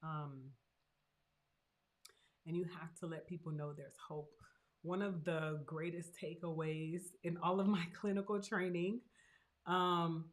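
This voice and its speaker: A woman's voice: lowish voice, steady tone, unhurried, long pauses. A woman, a therapist and host, talking earnestly and encouragingly about her own hard experience. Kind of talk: heartfelt personal talk.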